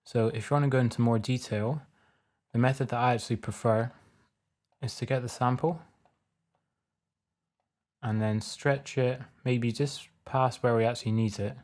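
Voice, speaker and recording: A man casually talking through a music production tutorial step by step in a relaxed, plain way. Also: medium pitch, moderate pace, long pauses. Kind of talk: casual screen-recorded tutorial.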